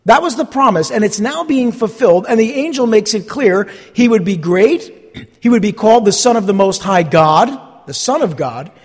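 A man's voice: sits high, expressive, normal speed, husky, in a large hall. A man preaching a sermon with emphasis, repeating key phrases and putting questions to the congregation. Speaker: pastor.

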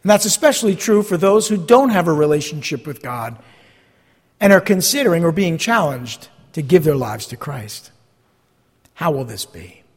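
A man's voice: on the high side, sing-song, moderate pace, breathy edge, long reverb tail. A man preaching a sermon with emphasis, repeating key phrases and putting questions to the congregation. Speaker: pastor.

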